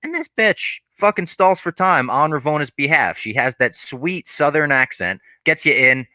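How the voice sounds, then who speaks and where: A man's voice: on the high side, normal speed, no echo. A man hosting a podcast, recapping an episode in casual chat and acting out quotes. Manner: recapping, animated quoting. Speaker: podcast host.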